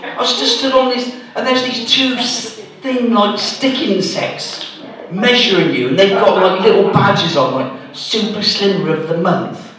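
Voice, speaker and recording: A man's voice: high voice, unhurried, a bit bright. Self-deprecating Gloucestershire stand-up man. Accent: Gloucestershire English. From Gloucester, England. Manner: self-deprecating, rambling with restarts. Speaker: stand-up comedian. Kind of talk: stand-up routine. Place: village hall stage. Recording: very echoey hall, mic from a distance.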